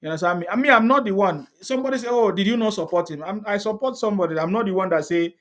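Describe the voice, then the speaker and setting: A man's voice: sits high, rapid-fire, fairly bright tone. A man with a Nigerian accent in casual political chat, laughing often, repeating himself and asking rhetorical questions.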